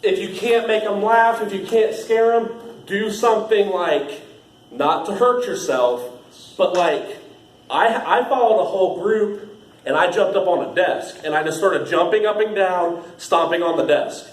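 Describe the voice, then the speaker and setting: His voice sits high and his pace is a touch slow. He's a young haunt trail actor informally training newcomers, wandering off topic, laughing often, and using plenty of fillers, recorded in an echoey space with faint ambient sound.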